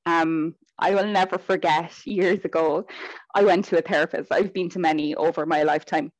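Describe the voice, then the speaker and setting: A woman, a guest in a casual interview, chatting in a lively way that drifts off on tangents. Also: fairly low pitch, no echo, rough recording. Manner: chatty, goes off on tangents, animated.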